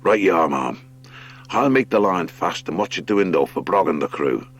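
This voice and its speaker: A man voicing an old male boxing hare who gives brisk orders in a storybook reading. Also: low voice, lively intonation, slightly rough.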